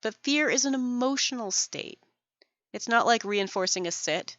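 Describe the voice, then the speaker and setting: A woman hosting a podcast for dog groomers, explaining things in an animated way, acting out examples and laughing often. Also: on the high side, moderate pace, no echo, highs cut off. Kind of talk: educational podcast monologue.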